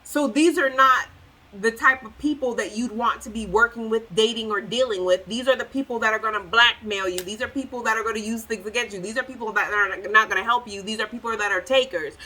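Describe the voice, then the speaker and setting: A woman's voice: on the high side, a little fast, pushed and bright, rough recording. A woman giving a tarot reading to the viewer, emphatic and preachy, repeating phrases for effect and breaking into sassy, incredulous outbursts. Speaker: tarot reader.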